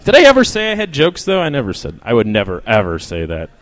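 A man's voice: medium pitch, huge pitch swings, fast talker, no room sound. A young man doing a rambling, self-deprecating stand-up set, swearing and riffing with the crowd while feeling sick. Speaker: stand-up comedian.

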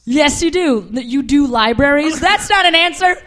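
A young woman doing a stand-up comedy set on a club stage, wry and deadpan with quick asides. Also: high voice. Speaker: stand-up comic.

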